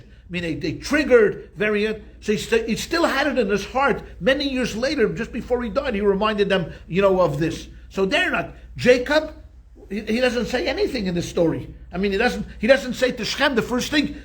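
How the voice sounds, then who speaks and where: A male rabbi teaching a Torah class, telling the story in an animated, conversational way with frequent restarts. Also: sits high, moderate pace.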